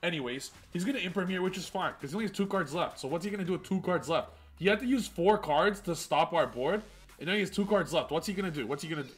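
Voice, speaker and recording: A man's voice: sits high, animated, quick pace. A man hosting a gaming channel, giving hyped, boastful replay commentary of card game matches, full of trash talk and self-mocking jokes.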